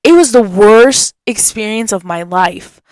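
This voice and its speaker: A young woman hosting a podcast, telling a story in a chatty, animated way and acting out what people said. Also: medium pitch, a little slow, no echo. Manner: animated, chatty, acts out quotes. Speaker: podcast host. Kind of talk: casual storytelling.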